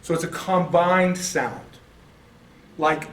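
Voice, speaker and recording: A man's voice: fairly high pitch, measured pace, slight background noise. A man teaching a beginner's class in a casual, folksy way, often correcting himself as he explains. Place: church classroom. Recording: echoey room, mic at a distance.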